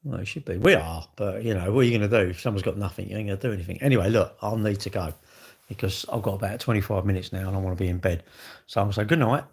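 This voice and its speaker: Man, low-pitched, casual vlog monologue, rambling, lots of rhetorical questions. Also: rapid-fire, creaky. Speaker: vlogger.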